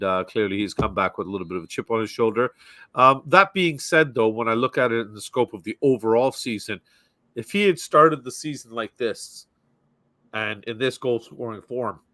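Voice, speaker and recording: A man's voice: mid-range voice, normal speed, pushed and bright, dry recording. A man hosting a casual football chat, joking, laughing easily, and reading out viewer comments.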